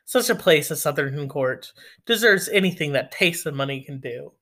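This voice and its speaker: A reader voicing a bossy, meddling older aunt in an audiobook, officious and quick to take offense. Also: animated, fairly bright tone, close to an everyday voice. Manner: shrill, indignant, officious.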